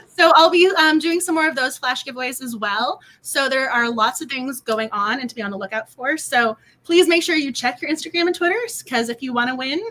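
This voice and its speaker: Young woman, book club host, high and bright, gushing casual chat. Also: fairly quick. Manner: bubbly, gushing, laughs often. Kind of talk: casual live-stream chat.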